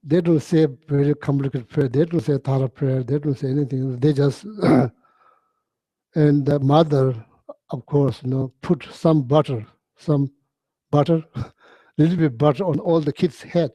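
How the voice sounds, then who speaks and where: Halting man with a husky mellow voice. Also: fairly high pitch, steady tone, dry recording, poor audio. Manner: halting, repeats phrases, frequent throat clearing, non-native English. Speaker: Buddhist teacher. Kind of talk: informal dharma talk.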